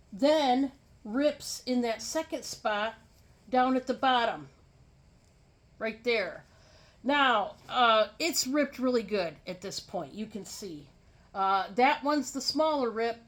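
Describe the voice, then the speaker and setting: A woman vlogger casually tells her viewers a story in a voice on the high side with a fairly bright tone. She's chatty and drawn-out, using lots of fillers.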